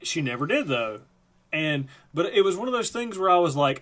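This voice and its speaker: A man's voice: on the high side, big pitch swings, moderate pace, fairly bright tone. Profane rambling male streamer. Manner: rambling, profane, lots of fillers. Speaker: live stream host. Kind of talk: casual storytelling on a live stream.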